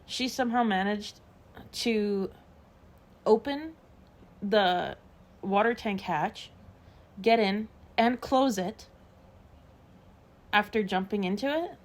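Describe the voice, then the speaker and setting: A woman's voice: medium pitch, slow pace, pauses often. A woman co-hosting a podcast, casually retelling true-crime stories with lots of fillers and quoted asides. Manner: chatty storyteller, many fillers and quoted asides. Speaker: podcast co-host.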